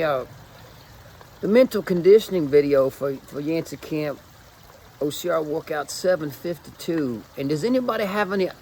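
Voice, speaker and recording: A man's voice: a little high, vocal fry, slight background noise, low-quality recording. A man in his forties, a fitness coach, telling a rambling, self-mocking story in a put-on Cajun accent. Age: 40s. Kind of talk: casual storytelling video.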